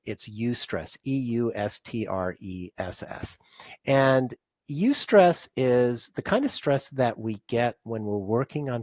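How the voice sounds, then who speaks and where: A podcast guest who writes about stress relief explains his ideas in a conversational interview, restarting often and using plenty of fillers. His voice is lowish with a darkish tone, and the recording is dry.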